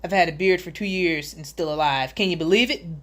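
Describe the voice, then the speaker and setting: A woman with a somewhat low voice hosts a relaxed livestream chat. She reads viewers' comments aloud and greets them one by one. Her talk is joking and sarcastic, broken up by easy laughter. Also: fairly quick, few pauses. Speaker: livestream host.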